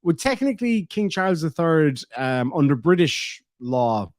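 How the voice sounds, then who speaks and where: A man's voice: fairly high pitch, very animated, a little slow, a little mellow, no room sound, studio quality. An Irish man hosting a casual livestream, reading viewer comments aloud in a blunt, sweary way, with plenty of filler words. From Ireland. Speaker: livestream host.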